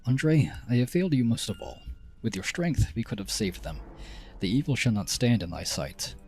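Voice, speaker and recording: A man's voice: mid-range voice, big pitch swings, moderate pace, darkish tone, slight background noise. A man putting on a Russian accent to voice a fervent, preaching ship captain reading his logs. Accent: put-on Russian. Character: ranting zealous male ship captain.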